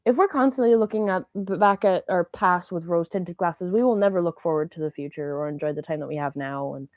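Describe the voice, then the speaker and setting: A woman in her early twenties hosting a casual solo podcast, rambling and excitable and slipping into meme voices. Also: on the low side, fast, no room sound. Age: 20s. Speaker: podcast host. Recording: dull lo-fi dry sound.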